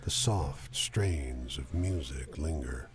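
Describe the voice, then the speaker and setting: A man narrating a game in a slow, measured storytelling manner. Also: extremely low pitch, over music. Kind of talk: scripted narration.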